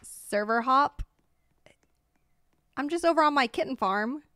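A young American woman chatting excitedly while livestreaming a game, reading out chat and reacting with bubbly exclamations. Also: high voice, measured pace, no echo, clean studio sound. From United States. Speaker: streamer. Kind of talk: live game commentary.

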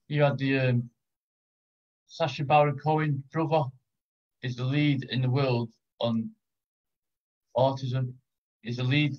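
A man's voice: fairly high pitch, dull audio. A British man speaking as a guest in a casual interview, blunt and frustrated, swearing often. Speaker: guest, ex-convict.

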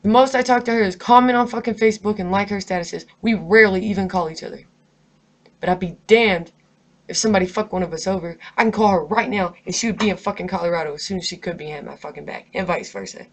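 Vlogger, woman, mid-pitched, angry and stressed, profane emphatic rant to camera. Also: fast talker.

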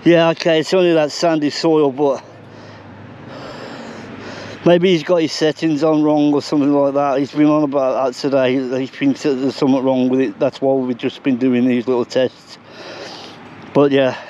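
A man vlogging outdoors while metal detecting, out of breath and chatty, talking excitedly to his viewers. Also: mid-range voice, moderate pace, pauses often, highs cut off, slight background noise. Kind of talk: casual outdoor vlog commentary. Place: outdoors in a field.

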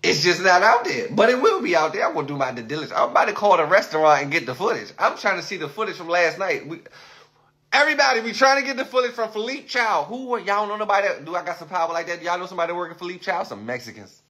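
Animated DC man rambling on a livestream. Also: high voice, quick pace. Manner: animated, rambling, repeats himself. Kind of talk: casual livestream chat.

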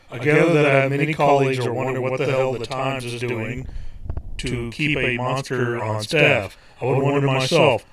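A man hosting a podcast, reading a letter aloud with his own comments, halting and full of fillers. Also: medium pitch, far from the mic. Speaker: podcast host.

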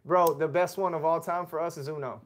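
A man's voice: on the high side, steady tone, fairly quick. A man, hosting a casual family livestream, chatty and reading out viewer messages. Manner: chatty, reads chat aloud, gives shout-outs.

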